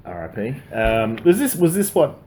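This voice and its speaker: A man co-hosting a casual podcast chat, recapping a film's plot in a loose, animated way and laughing often. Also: mid-range voice, moderate pace, a little hiss or hum. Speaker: podcast co-host.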